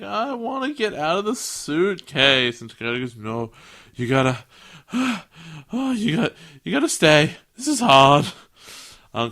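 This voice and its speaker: A man co-hosting a podcast, chatting casually and acting out scenes in silly voices. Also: medium pitch. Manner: animated, acts out lines in silly put-on voices. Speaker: podcast co-host. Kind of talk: casual chat recapping a cartoon.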